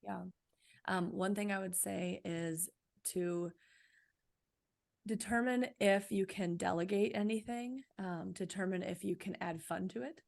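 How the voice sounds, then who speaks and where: A woman's voice: mid-range voice, unhurried, gravelly, a little mellow. A woman being interviewed about her book, giving practical coaching advice and often checking in with "right?". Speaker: author and guest. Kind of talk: podcast interview answers.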